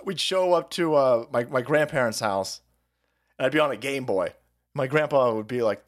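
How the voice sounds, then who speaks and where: Foul-mouthed man ranting with lively pitch. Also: normal speed. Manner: foul-mouthed, mocking, puts on silly voices. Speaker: podcast host. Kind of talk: profane political rant.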